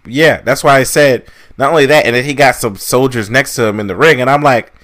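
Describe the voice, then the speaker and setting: A man co-hosting a podcast in casual chat, blunt and animated, swearing freely. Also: medium pitch, brisk, hardly any pauses. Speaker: podcast co-host.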